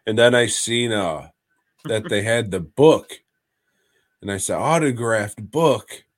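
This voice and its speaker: A man's voice: fairly low pitch, slow pace. A man co-hosting a podcast, casually and profanely retelling a horror episode with jokes. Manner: profane, jokey storytelling. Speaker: podcast co-host.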